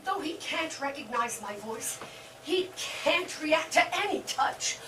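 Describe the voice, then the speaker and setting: A woman's voice: high voice, takes it slowly, background noise. A woman playing a flustered, giggly older woman in love, often laughing between her words. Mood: pleading. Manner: giggly, breathy excitement. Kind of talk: stage play acting. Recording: roomy stage sound from far off.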